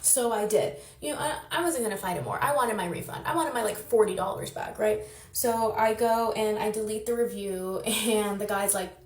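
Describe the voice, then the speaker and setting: A woman's voice: medium pitch, moderate pace, roomy sound. A young woman telling a long, exasperated storytime while doing her nails, chatty and rambling. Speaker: content creator.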